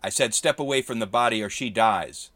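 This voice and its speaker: A man's voice: low-pitched, lively intonation, normal speed, fairly bright tone, dry recording. A man voicing a menacing male renegade warrior who threatens and snarls as he holds a hostage. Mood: snarling. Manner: threatening, snarky, increasingly furious.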